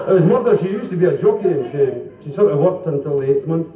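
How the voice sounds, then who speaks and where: Scottish man doing stand-up in a club. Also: a little high. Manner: quick joke-telling with comic voices and asides. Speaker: stand-up comedian and singer. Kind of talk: live stand-up comedy with jokes and song. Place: club function room before a live audience. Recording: 1970s live club recording, roomy, dull, from far off.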